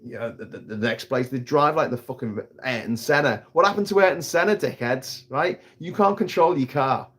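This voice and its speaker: A man's voice: medium pitch, moderate pace, hardly any pauses, a bit bright, husky. Sweary British man ranting on a livestream. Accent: British English. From Britain. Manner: sweary, heated ranting with frequent restarts. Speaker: livestream host. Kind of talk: casual live-stream rant. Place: outdoors on an island by water.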